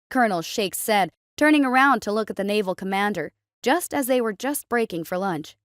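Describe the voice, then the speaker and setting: A woman reading a science fiction story aloud in a steady, even storytelling voice. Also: medium pitch, a little fast, few pauses, dry recording, clean studio sound. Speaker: narrator. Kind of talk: scripted story narration.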